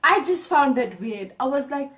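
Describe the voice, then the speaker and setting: High-voiced young woman recapping, exasperated. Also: moderate pace, distant mic. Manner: animated, exasperated, addresses viewers as "you guys". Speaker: reaction vlogger recapping a reality show. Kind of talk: casual chat to camera.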